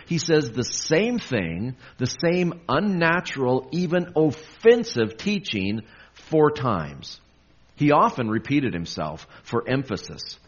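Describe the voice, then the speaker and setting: Low, husky male preacher. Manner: emphatic preaching with lively rises on quoted verses. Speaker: pastor. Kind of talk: sermon. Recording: dull lo-fi recording.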